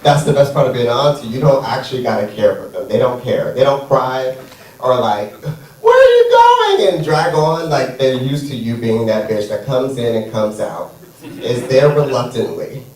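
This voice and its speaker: A man's voice: medium pitch, moderate pace, darkish tone. A man performing a stand-up comedy set on a theater stage, sassy and playful, drawing out his punchlines. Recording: echoey room, far from mic.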